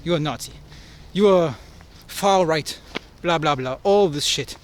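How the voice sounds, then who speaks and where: A young man with a high voice walks and talks through a city park, filming himself on an action camera. His vlog narration is chatty and playful, full of jokes and exclamations. Faint outdoor noise sits behind him. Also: slow pace. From Germany. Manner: joking, chatty, exclaims at sights. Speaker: travel vlogger. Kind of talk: casual walking vlog narration. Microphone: action camera mic.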